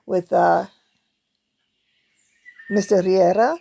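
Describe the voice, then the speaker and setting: A woman hosting a casual vlog, chatting warmly about pictures and reading from a book, laughing now and then. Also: medium pitch, slow pace, gravelly, pauses often. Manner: chatty, laughs often, hums song snippets. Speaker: video host; performer.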